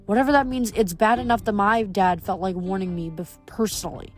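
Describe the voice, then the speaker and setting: A woman's voice: mid-range voice, steady tone, a little fast, soft background music, natural voice. A woman reading the lines of a thoughtful, earnest young female demigod in a storybook reading.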